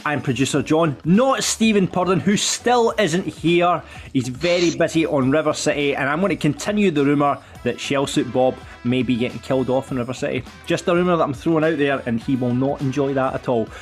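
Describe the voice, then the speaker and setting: A man's voice: fairly high pitch, a little fast, faint music behind. A man hosting a podcast as its producer, making jokey, teasing introductions.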